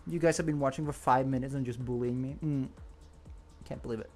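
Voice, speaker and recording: A man's voice: mid-range voice, steady tone, brisk, darkish tone, faint music behind. A man with a non-native English accent chatting casually on a livestream, rambling, joking and laughing often. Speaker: streamer.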